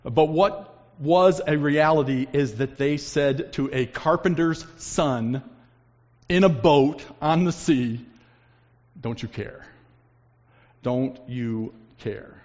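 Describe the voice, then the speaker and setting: Man preaching a sermon, loud then hushed, big echoey church, kinda muffled. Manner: dramatic shifts between loud emphasis and hushed low lines. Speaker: pastor. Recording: long reverb, dull lo-fi sound.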